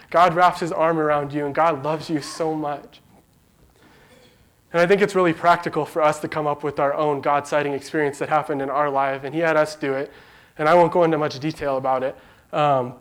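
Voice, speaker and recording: A young man giving an informal devotional talk, telling a story in a chatty way, full of likes and rights. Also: fairly high pitch.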